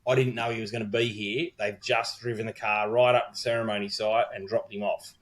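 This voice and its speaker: A man's voice: lowish voice, little pitch movement, fairly quick. A middle-aged Australian man, a wedding celebrant, co-hosting a podcast and telling a rambling story full of quoted dialogue and swearing. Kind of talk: casual storytelling chat.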